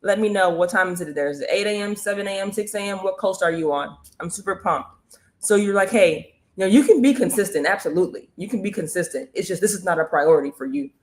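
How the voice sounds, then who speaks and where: Energetic female host for a live motivational stream; repeats calls for comments, coaching tone. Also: fairly low pitch, quick pace. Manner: energetic, repetitive, keeps asking viewers to comment. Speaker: online business coach hosting a live stream.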